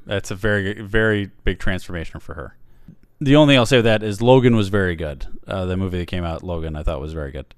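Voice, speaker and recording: A man's voice: sits low, animated, quick pace, clean tone, no echo, clean studio sound. A man hosting a casual chat, rambling through a film plot with many fillers and restarts. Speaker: podcast host reviewing a film.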